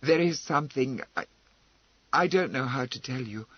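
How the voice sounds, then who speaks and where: A man reading an earnest, embarrassed army officer who speaks in a halting, apologetic way. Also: medium pitch, lively intonation, dry recording, lo-fi sound, close to an everyday voice.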